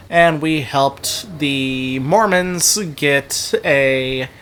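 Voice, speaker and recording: A man's voice: medium pitch, very slow, fairly bright tone, slight background noise. A man hosting a casual, joking let's-play commentary of a video game. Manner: joking, chatty.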